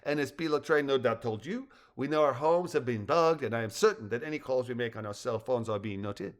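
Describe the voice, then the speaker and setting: A man's voice: medium pitch, a little fast, lightly acted. A man voicing a stiff, polite young male assistant in a storybook reading. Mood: formal. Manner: stiff and formal.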